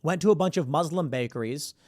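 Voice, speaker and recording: A man's voice: on the high side, quick pace, a little mellow, no room sound, clean studio sound. A man hosting a commentary show, talking in a sarcastic, opinionated way and acting out the voices he quotes. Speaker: podcast host.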